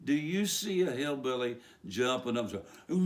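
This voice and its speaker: A man's voice: medium pitch, lively intonation, moderate pace, hardly any pauses. A man from West Virginia with a West Virginia accent, preaching an informal sermon in a rambling way full of rhetorical questions.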